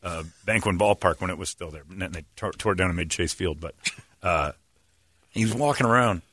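A man in his forties, a radio show host, telling casual stories on a podcast and breaking into loud high impressions and shouts. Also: a little fast, husky, dry recording, clean studio sound. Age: 40s.

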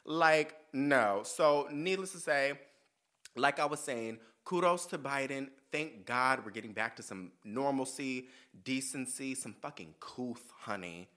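A man from the United States hosting his own podcast, talking in a sassy, profane and animated way. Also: medium pitch, a little slow. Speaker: podcast host. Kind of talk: casual monologue.

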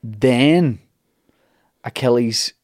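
A man's voice: medium pitch, drawn-out words, darkish tone, dry recording, studio quality. A man, hosting a podcast and retelling a myth in a rambling, jokey way full of asides. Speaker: podcast host telling a myth. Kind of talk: casual comic storytelling.

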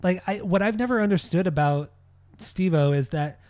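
A man's voice: high-pitched, normal speed, darkish tone, no room sound, studio quality. A man co-hosting a podcast in casual music chat, laid-back, swearing and repeating his phrases. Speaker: podcast co-host.

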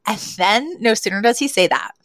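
A woman chatting casually as a podcast co-host, recapping a sitcom episode with lots of laughter and quick impressions of the characters. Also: medium pitch, no room sound. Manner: animated, laughs often, acts out quotes in different voices.

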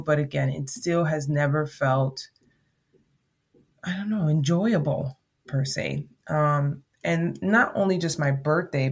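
A woman from Jamaica hosting a podcast, talking through a casual solo monologue in a chatty, rambling way with emphatic repeats. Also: low-pitched. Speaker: podcast host.

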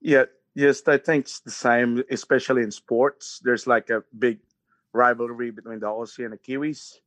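A man's voice: mid-range voice, steady tone, normal speed, fairly bright tone, dry recording. A man from the Philippines calling in to a talk show, speaking politely and hesitantly with many fillers. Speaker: caller. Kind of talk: casual phone-in chat.

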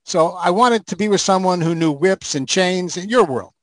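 An older man chatting casually, telling lively stories and acting out the scenes. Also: high-pitched, moderate pace, no room sound, rough recording. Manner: animated raconteur, acts out scenes. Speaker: guest. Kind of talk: casual storytelling chat.

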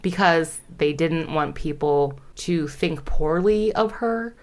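A woman's voice: low voice, slow. A woman telling a true story in casual chat, giggly, often trailing off and restarting.

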